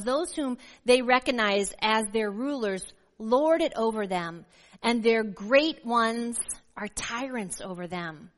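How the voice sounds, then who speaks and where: A woman pastor with a fairly high voice delivers a sermon and reads scripture in a measured, emphatic way. She slows down to lean on key words. Her voice rings out with the long reverb of a church hall. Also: a bit bright. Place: church sanctuary.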